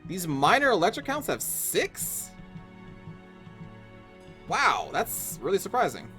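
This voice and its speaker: A chatty, wry man talks through his strategy game as he plays, his pitch sitting a little high and swinging freely. He thinks aloud in a casual let's-play manner. Faint game music runs underneath. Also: huge pitch swings, slow. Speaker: gaming streamer.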